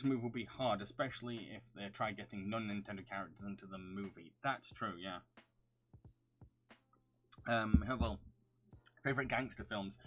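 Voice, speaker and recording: A young man from the north of England, his voice lowish and a bit bright, chats casually through viewer questions on a livestream as a video reviewer. He rambles and hums filler syllables between them, and there's a little hiss or hum on the recording.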